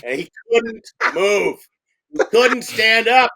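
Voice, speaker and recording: Older man, film director, casual storytelling, lots of ums and restarts, animated. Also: high-pitched, slow pace. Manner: rambling, many fillers and restarts; animated when telling stories.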